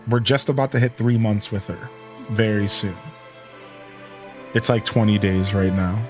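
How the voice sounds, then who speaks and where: A man's voice: lowish voice, fairly even intonation, a little slow, over music. A man casually chatting while live-streaming a video game, reading chat and laughing easily. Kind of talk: casual live gameplay commentary.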